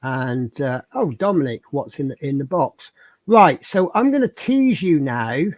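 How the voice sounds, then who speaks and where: A man's voice: on the high side, sing-song, a little slow, no room sound. A man hosting a livestream, chatting casually and telling rambling anecdotes. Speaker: livestream host. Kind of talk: casual chat and storytelling.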